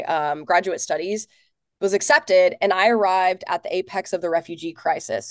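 A woman in her thirties from Tennessee, a political organizer telling her story as a guest in an office, earnest and animated with lots of fillers. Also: on the low side, no echo, clean studio sound. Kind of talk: casual interview.

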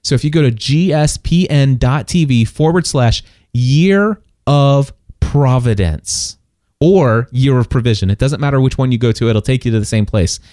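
A middle-aged man tells a personal story in a loose, conversational way, stumbling over restarts and breaking into laughs. His voice is mellow and mid-pitched. The sound is close and dry. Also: moderate pace, no echo. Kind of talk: casual testimony chat.

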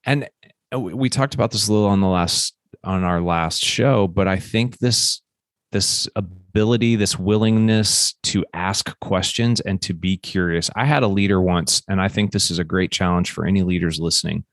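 A man with a very low, deep voice talks in a relaxed, casual way as a podcast co-host. He retells scenes with quoted lines. The sound is dry and close, with no room echo. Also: normal speed. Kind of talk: casual chat.

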